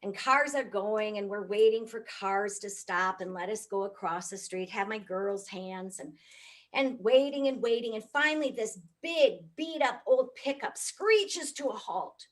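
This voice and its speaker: A middle-aged woman from the United States giving a comic, animated keynote talk. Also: mid-range voice, measured pace. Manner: animated, comic, swoops up for punchlines. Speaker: motivational speaker.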